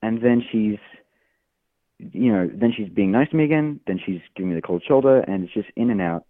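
Male caller, low voice, dry and tinny phone line. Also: expressive, fairly quick, no room sound. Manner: frustrated, rambling story.

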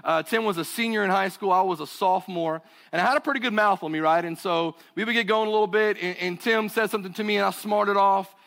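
A man from North Carolina with a Southern accent, preaching as a guest pastor in an energetic, joking storytelling manner. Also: sits high, quick pace, few pauses. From Burlington, North Carolina. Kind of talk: sermon.

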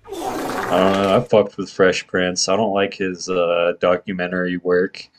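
Deep-voiced man, blunt and crude. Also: little pitch movement, measured pace, noisy background. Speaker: podcast co-host. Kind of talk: casual chat.

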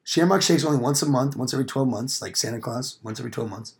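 A man's voice: mid-range voice, quick pace, creaky. A young man casually telling a rambling, profane story on a podcast, acting out quoted lines. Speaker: podcast co-host.

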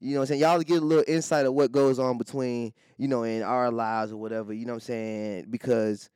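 A man's voice: medium pitch, fairly even intonation, fairly quick, darkish tone, clear, resonant tone, no room sound, clean studio sound. A young man from co-hosting a podcast in casual chat, emotional and hyped, swearing freely. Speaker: podcast co-host.

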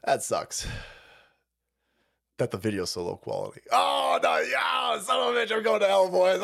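A man's voice: high voice, huge pitch swings, slow, creaky, pauses often, fairly bright tone, raised voice. A man hosting a stream, ranting profanely while reacting to videos, laughing often and breaking into mocking squeals. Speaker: streamer host.

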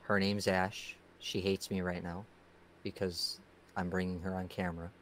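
Lower-voiced joking man, casual chat. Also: flat delivery, moderate pace, fairly bright tone, slight background noise. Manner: laughs often, repeats words, joking. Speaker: stream co-host.

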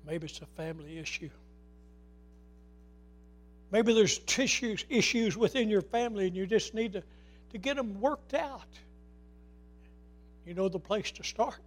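Middle-aged male pastor with a high voice, preaching with passion and sudden drops to a hush. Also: expressive, a little slow, long pauses. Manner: impassioned, swinging from loud to hushed. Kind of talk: sermon.

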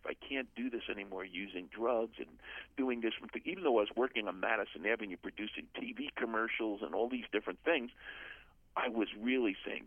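A man's voice: lowish voice, fairly quick, husky, no echo. An older man from the USA, a guest author telling his personal testimony in an earnest, storytelling way. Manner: earnest storyteller, acts out quoted voices. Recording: phone-line audio.

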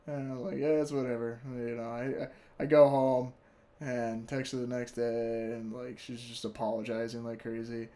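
A young man telling a story casually, animated and profane, laughing often and acting out what people said. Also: mid-range voice, moderate pace.

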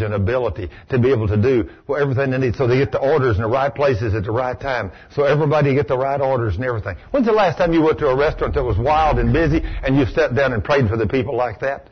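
A man preaching a sermon to a live audience, telling folksy stories and dropping into a low hushed voice for quoted lines. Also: fast talker, hardly any pauses, slightly rough, highs cut off. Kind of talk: sermon with storytelling.

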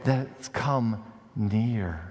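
A man preaching a sermon as a pastor, animated, with wide pitch swings, rising on questions and dropping low for emphasis, with conversational asides and light humor. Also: extremely slow. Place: church sanctuary. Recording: long reverb of a large hall.

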